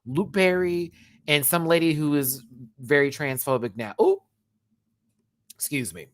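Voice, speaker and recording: Animated, chatty man ranting. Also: fairly high pitch, a little slow. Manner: animated and chatty, swings between loud outbursts and muttered asides. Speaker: YouTube reality TV reviewer. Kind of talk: casual live-stream rant.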